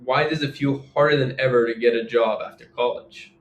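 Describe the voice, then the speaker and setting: A young man co-hosting a casual podcast discussion, talking in a relaxed, hedging way. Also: medium pitch, a little fast, dull audio. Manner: relaxed, hedging, says "if I'm being honest". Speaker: podcast co-host. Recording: echoey room, faint background hiss.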